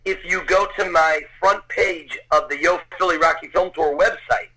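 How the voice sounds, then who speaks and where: Man, 50s, podcast guest, excitable storyteller, slightly high voice, bright tone. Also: normal speed, slight background noise, rough recording. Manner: excitable, gushing, repeats himself. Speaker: podcast guest, Rocky film tour guide. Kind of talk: storytelling anecdote.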